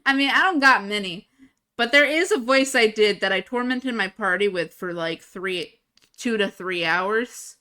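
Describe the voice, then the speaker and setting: A woman's voice: mid-range voice, animated, unhurried, sharp tone. A young adult woman livestreamer in casual, giggly chat at a desktop mic. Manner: chatty, giggly, self-amused.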